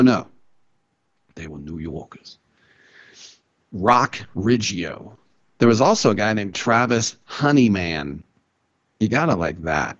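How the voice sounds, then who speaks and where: A man hosting a sports radio show, riffing wryly and clearing his throat often. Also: deep voice, no echo, highs cut off. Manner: joking, wry riffing with frequent throat clearing. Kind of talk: casual sports talk monologue.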